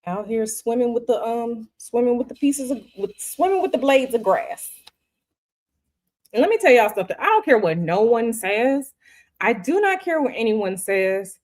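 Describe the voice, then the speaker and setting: Her voice is a little high with big pitch swings and a moderate pace. She's a tarot reader hosting a livestream from a hotel room, chatting casually with viewers and frequently repeating herself.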